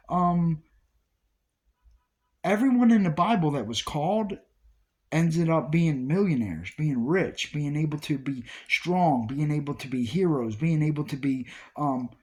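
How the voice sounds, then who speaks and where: A man's voice: on the high side, a little slow, darkish tone. A man giving an informal Bible study talk, repeating key phrases with emphasis as he preaches. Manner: repetitive, emphatic preaching with restarts.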